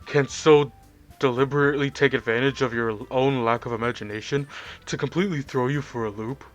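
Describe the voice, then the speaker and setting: A man voicing a shy, bookish young woman while reading a visual novel aloud, keeping his delivery low and hushed. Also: steady tone, a little fast, soft background music, lightly acted. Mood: earnest.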